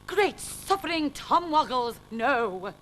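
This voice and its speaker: A frazzled storybook villain, high, loud and exclaiming, put on by a woman reading aloud. His pitch leaps all over the place, and a faint hiss sits under the voice. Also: big pitch swings, slow pace, exaggerated voice. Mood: agitated. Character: scheming villainous man, weary and rattled.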